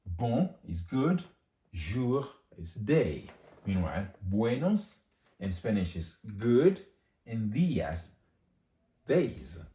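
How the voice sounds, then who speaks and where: A man giving a casual language lesson, chatty, saying phrases again slowly for learners. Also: on the low side, very animated, mellow, roomy sound. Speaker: language teacher.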